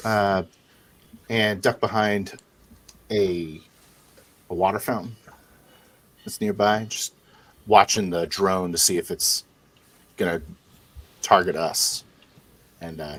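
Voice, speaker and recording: A low, husky-voiced man plays a tabletop game. He describes his move hesitantly, pausing on fillers as he goes. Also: fairly even intonation, a bit bright. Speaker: player.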